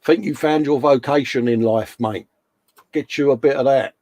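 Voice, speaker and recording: A man's voice: mid-range voice, normal speed, darkish tone, no echo. A man hosting a casual model-building chat, joking in slang and putting on silly voices. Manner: jokey banter, slang, puts on funny voices. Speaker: host. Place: hobby workshop bench.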